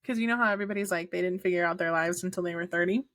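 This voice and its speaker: A woman in her late twenties co-hosting a podcast, talking quickly with anxious humour and laughing often. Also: fairly low pitch, fairly bright tone, dry recording, studio quality. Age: late 20s. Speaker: podcast co-host. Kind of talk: casual chat.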